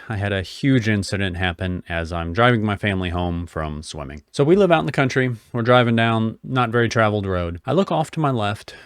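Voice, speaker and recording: Low-voiced man telling a story, dry sound. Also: clear, resonant tone, no room sound. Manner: earnest, plain storytelling with many restarts. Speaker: vlogger. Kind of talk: casual story time.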